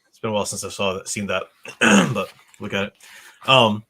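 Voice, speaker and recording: Expressive American man reading aloud. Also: fairly low pitch, fairly quick, a little hiss or hum. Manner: reads dialogue with lively expressive voices. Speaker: book study host. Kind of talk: reading aloud and discussing a novel.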